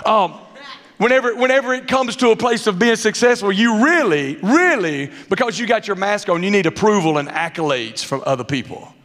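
A man preaching as a pastor, animated and playful, acting out characters in mocking voices. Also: high-pitched, big-room sound. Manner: animated, acts out mask characters with funny voices. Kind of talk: sermon. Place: church stage. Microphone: muffled through a mask.

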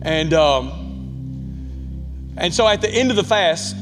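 Preaching slowly in a high voice with lively intonation, a thirtysomething pastor from Southern Alabama delivers a homespun, frank sermon that keeps wandering into side remarks. Music and long reverb fill the church sanctuary in the recording.

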